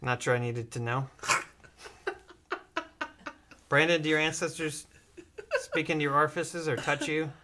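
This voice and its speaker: A man's voice: a little high, fairly even intonation, measured pace, long pauses, background noise. A man hosting a comedic livestream, joking and acting out both sides of his stories. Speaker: stream host.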